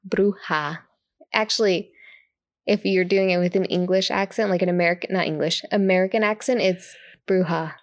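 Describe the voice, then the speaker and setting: A woman's voice: medium pitch, steady tone, a little fast, no echo, studio quality. A woman co-hosting a podcast in casual chat, giggly and chatty, laughing often as she talks. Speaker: podcast co-host.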